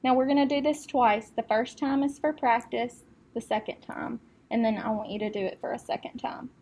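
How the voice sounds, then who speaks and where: A woman acting as speech clinician, giving calm step-by-step test instructions with occasional fillers. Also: fairly high pitch, normal speed.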